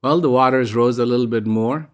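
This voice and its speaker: A man giving a casual, reflective spiritual talk, telling a parable in a gentle storytelling manner. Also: medium pitch, a little fast, clean tone. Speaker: speaker giving a reflective message.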